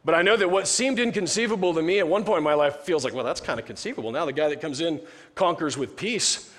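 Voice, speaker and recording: Preaching fast in a fairly high voice, this pastor keeps his sermon casual and full of jokes, often starting sentences over. The sound trails off with long reverb, as if recorded in a big hall.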